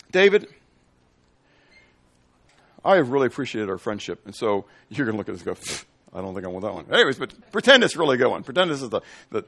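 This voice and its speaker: Lively, animated man preaching. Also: on the high side. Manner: animated, asks the room questions and acts out little scenes. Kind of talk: sermon teaching with questions to the congregation.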